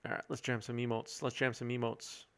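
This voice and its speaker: A man giving live commentary on a card game match, chatty and quick to laugh while reading out viewer messages. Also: mid-range voice, monotone, vocal fry, a bit bright. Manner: chatty, reads out viewer chat, chuckles often.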